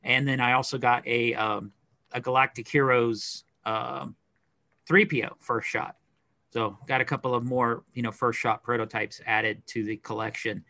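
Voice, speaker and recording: A middle-aged man co-hosting a podcast, chatting casually in a rambling, animated way with lots of fillers. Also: medium pitch, moderate pace, gravelly, no echo. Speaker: podcast co-host. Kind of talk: casual chat.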